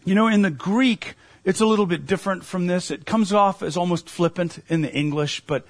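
A man's voice: sits high, fairly quick, dry recording. A man preaching a sermon as a pastor, earnest and emphatic, asking his listeners questions.

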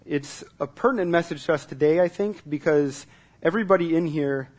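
Conversational pastor preaching, higher-voiced man. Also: a little fast, darkish tone. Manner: conversational, repeats words when starting sentences; asks the congregation questions. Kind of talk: sermon. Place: church service.

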